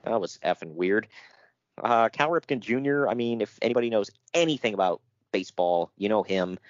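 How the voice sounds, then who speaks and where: A man's voice: on the low side, lively intonation, fairly quick, dry recording, dull audio. A man co-hosting a casual chat, reading out notes with jokes and frequent laughter. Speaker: podcast co-host.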